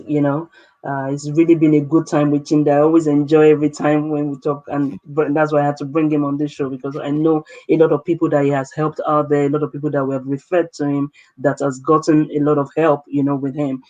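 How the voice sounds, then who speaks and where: Host guy asking rambling questions, kinda high voice. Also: muffled recording. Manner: warm thanks, filler-heavy questions. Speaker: show host. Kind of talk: interview hosting.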